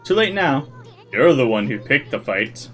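A man's voice: mid-range voice, big pitch swings, unhurried, a bit bright, faint music behind. A man voicing a tiny, brash male sprite companion in a game, with a snappy, teasing way of talking. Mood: cocky.

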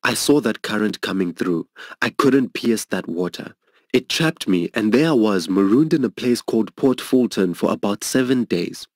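A man's voice: animated, moderate pace, no room sound. A middle-aged man preaching, telling a personal story in an earnest, emotional way. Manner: earnest, emotional storytelling, voicing others' lines higher. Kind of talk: sermon testimony storytelling.

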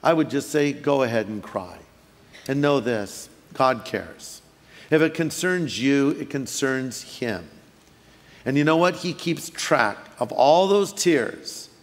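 A middle-aged man preaching a sermon as a pastor, telling lively stories and briefly acting out voices for effect. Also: medium pitch. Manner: animated storytelling, acting out quick voices for effect. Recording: long reverb of a large hall.

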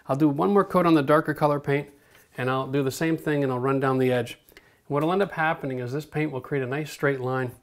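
Upbeat man coaching a painting job. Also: a little high. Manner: energetic, coaching, frequent "okay?" check-ins. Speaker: home renovation instructor. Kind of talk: hands-on painting tutorial.

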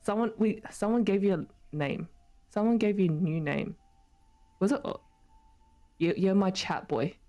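A woman's voice: medium pitch, normal speed, pauses often, mellow. A young woman streaming, chatting casually with her viewers while she plays, laughing often. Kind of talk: casual chat while gaming.

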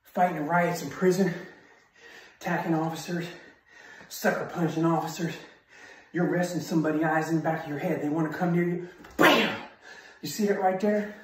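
A man's voice: on the high side, steady tone, fairly quick, a little mellow, a little hiss or hum. A man giving a self-defense training talk as an instructor, in a punchy, emphatic style of short barked phrases. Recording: very echoey room, far from mic.

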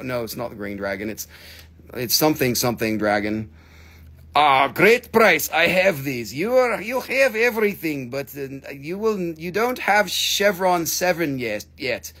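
An American man hosting a casual live sales stream of crystals, animated and swearing, slipping into silly voices. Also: mid-range voice. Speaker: live-sale host.

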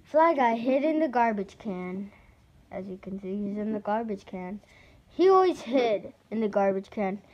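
A woman reading a children's picture book aloud, slowly and carefully, sometimes stumbling and restarting words. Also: medium pitch, animated, lo-fi sound. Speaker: storybook reader.

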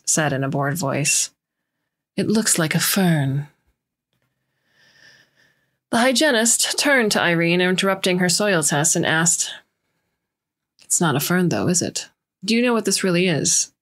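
A woman reading a science fiction story aloud in measured, scripted narration. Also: sits low, a bit bright. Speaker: story reader.

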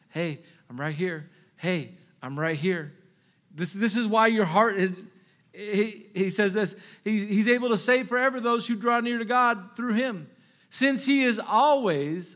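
A man with a high voice, serving as pastor, preaches a passionate sermon. He goes from loud rhetorical questions to hushed asides, repeating phrases and beginning sentences again as he goes.

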